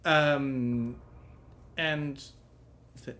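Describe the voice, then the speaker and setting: Male game master, unhurried and halting, slightly high voice. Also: a bit bright, a little hiss or hum. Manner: halting, full of ums and restarts. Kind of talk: narrating a tabletop game.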